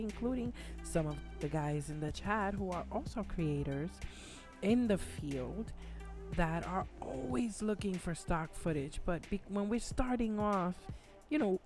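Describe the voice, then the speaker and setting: A woman's voice: on the low side, animated, normal speed, over music. A woman with a Spanish accent co-hosting a casual live stream, chatty and sometimes fumbling her words.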